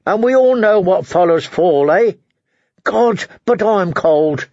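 A man's voice: high voice, expressive, takes it slowly, a little mellow, dry recording, muffled recording, voice pushed up, full character voice. A man reading an audiobook, voicing a gloomy, dour man of the watch who ends his remarks with "eh?". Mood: glum, teasing. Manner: mournful, ends lines with "eh?".

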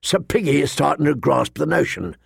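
A man voicing a cruel, mocking master-at-arms with a sharp, cold voice in an audiobook. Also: a little high, very animated, brisk, gravelly, breathy edge, dry recording, clean studio sound, full character voice.

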